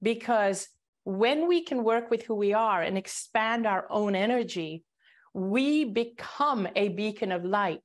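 A woman calmly explaining a point on a webinar, walking the listener through an imagined scene. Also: mid-range voice. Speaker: guest speaker. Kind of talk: webinar talk.

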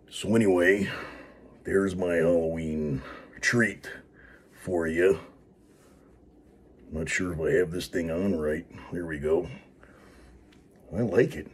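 A man's voice: low voice, slow, pauses often, a little mellow, slightly rough. A man hosting a wrestling vlog, talking in a loose, rambling way with lots of fillers. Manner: rambling, filler-heavy, laid-back. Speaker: wrestling show host. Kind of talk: casual vlog.

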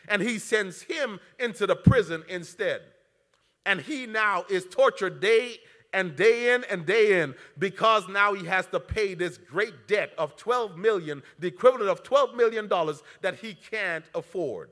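A man preaching a sermon as pastor, his voice swinging between loud, pointed lines and hushed, intimate ones. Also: unhurried. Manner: preaching with dramatic swings in pitch and loudness. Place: church sanctuary. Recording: long church reverb.

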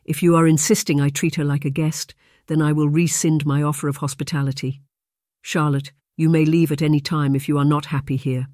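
A man's voice: a little high, flat delivery, a little fast, darkish tone, no room sound, lightly acted. A bad-tempered laird barks and rages in a harsh voice, as a male audiobook narrator puts him on. The read is close and dry, with no room around it. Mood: angry. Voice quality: harsh, raging. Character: blustering Scottish laird, middle-aged man, bad-tempered.

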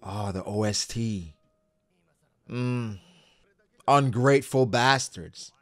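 A man hosting a reaction channel, giving excitable, profane live commentary that breaks into shouts. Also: medium pitch, takes it slowly, no room sound. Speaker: anime reaction channel host.

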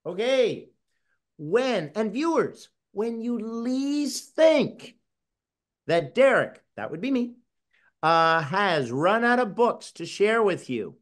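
Slow, lively-voiced man co-hosting. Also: high voice. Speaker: co-host and book presenter. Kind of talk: relaxed classroom talk.

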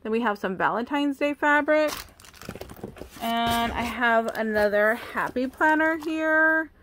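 A woman's voice: a little high, a little slow, fairly bright tone, a little hiss or hum. A young woman chatting casually as she unboxes craft supplies, cooing over each item. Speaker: craft vlogger.

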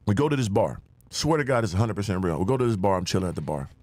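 A man's voice: lowish voice, sing-song, very fast, a little mellow. A man on a podcast telling a story in a casual, slangy, profane way. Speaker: podcast guest.

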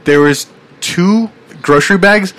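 A man's voice: sits high, a little slow, fairly bright tone. Laughing, casual podcast host man. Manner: laughing often, swearing casually. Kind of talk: casual chat, reading news aloud.

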